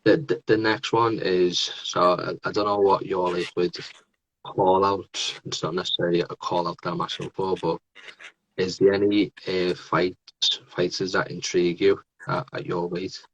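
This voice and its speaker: A man's voice: deep voice, flat delivery, moderate pace, dull audio. A man in his thirties hosting a casual podcast interview, chatty and laughing often. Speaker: podcast host.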